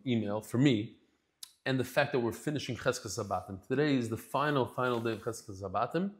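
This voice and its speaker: A man teaching a daily Talmud class, talking in a casual, heartfelt and emotional way with many restarts. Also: mid-range voice. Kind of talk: casual heartfelt lesson intro.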